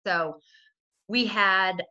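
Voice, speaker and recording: A woman's voice: mid-range voice, very slow, pushed and bright. A woman in her thirties, a teacher, modeling a writing lesson for young children in an encouraging way, often checking in with "right?". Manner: encouraging, uses rising check-ins like "right?". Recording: slightly dull lo-fi recording.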